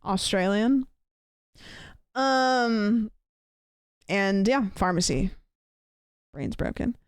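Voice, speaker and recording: American lady streaming, rambly chat full of ums, smooth clear voice, dry sound. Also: medium pitch, very slow, dry recording. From United States. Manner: rambling storyteller, many fillers and restarts. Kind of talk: casual livestream chat.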